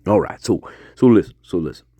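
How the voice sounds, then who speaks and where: Brief: male comic as an old storyteller, deep, husky and gravelly, who rambles and swears while spinning tall tales. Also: big pitch swings, a little fast, no echo, exaggerated voice. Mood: rambling. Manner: rambling, profane, digressive, jumps between hushed mutters and loud outbursts. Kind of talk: improvised comedic monologue.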